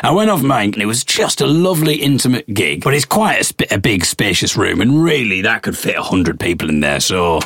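A man in his thirties, a podcast host and comedian, chatting and telling stories in an animated way. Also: lowish voice, fairly quick, creaky, few pauses, slightly rough, no room sound, clean studio sound. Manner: chatty storyteller, animated, acts out voices in anecdotes. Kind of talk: casual chat.

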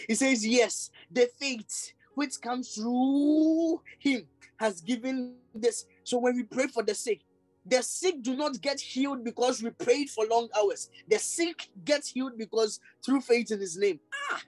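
A man's voice: very high voice, unhurried, dry recording, soft background music, poor audio. A man preaching a charismatic sermon, exclaiming ecstatically and breaking into tongues.

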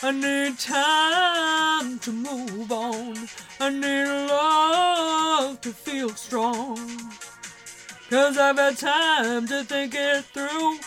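A woman singing an impression of a famous female pop diva, drawn out and slow. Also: high-pitched, a bit bright, faint music behind, pitched above the performer's own voice, full character voice. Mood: crooning. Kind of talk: sung impression.

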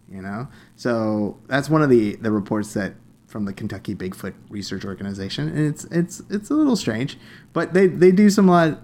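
A man's voice: mid-range voice, darkish tone. A young man co-hosting a casual podcast, retelling a story with many fillers and restarts. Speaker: podcast co-host. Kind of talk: casual chat.

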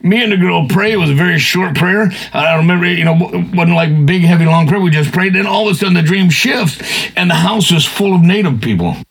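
A man with a fairly high, gravelly voice and a husky edge tells a long story in a loose, folksy manner. He rambles and keeps dropping "man" and "you know" as he goes. The telling is casual and conversational. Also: a little fast, fairly bright tone, rough recording.

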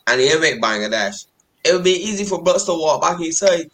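A man calling in to a cricket show, making his point slowly with restarts. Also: on the high side, expressive, a bit bright, a little hiss or hum. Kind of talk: sports debate.

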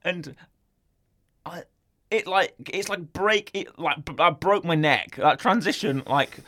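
A man chatting casually about a film, animated and jokey, acting out scenes. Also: a little high, unhurried. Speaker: film reviewer. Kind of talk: casual chat.

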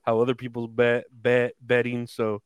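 Brief: male co-host, smooth clear voice, dry close mic, relaxed chat. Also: medium pitch, moderate pace, no room sound, lo-fi sound. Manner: laid-back, laughs often. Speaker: podcast co-host. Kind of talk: casual chat.

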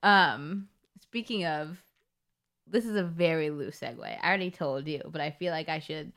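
A woman's voice: deep voice, normal speed, fairly bright tone. A woman co-hosting a podcast, telling a story in a rambling, giggly, casual way. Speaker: podcast co-host. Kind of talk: casual chat.

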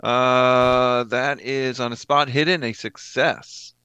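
Man, tabletop player, bright voice, hesitant, quick, dry sound. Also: mid-range voice, steady tone, clear, resonant tone, no room sound, highs cut off. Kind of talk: casual tabletop play.

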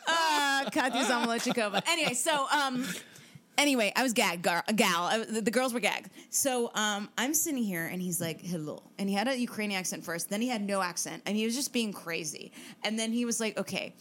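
A woman co-hosting a podcast, telling a story in casual chat, animated and full of swearing and fillers. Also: a little high, a little fast. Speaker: podcast co-host.

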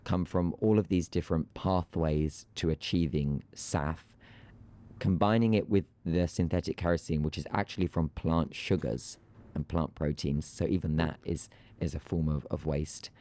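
A man co-hosting an aviation news podcast, talking in a casual, animated, ranting way. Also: a bass voice, moderate pace. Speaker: podcast co-host.

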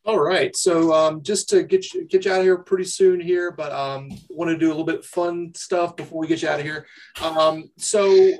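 A man with a somewhat higher voice hosts a relaxed podcast interview. He is playful, firing off light questions and word games at his guest. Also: moderate pace. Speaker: podcast co-host.

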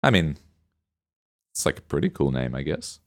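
A man with a deep, low voice co-hosts a casual comedy podcast. He rambles through his points and laughs often between lines. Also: sing-song, normal speed. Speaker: podcast co-host.

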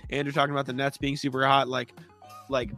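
Sniffly man with a halting, throat-clearing delivery. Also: mid-range voice, monotone, fairly bright tone, soft background music. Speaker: co-host of a sports talk stream. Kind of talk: casual sports chat.

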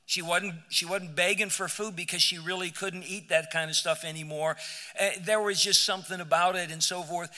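Older male pastor, sermon delivery in a church, very bright tone, emphatic swells. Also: high-pitched, fairly even intonation, long reverb tail. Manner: emphatic preaching, drawn-out phrases, loud swells. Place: church sanctuary.

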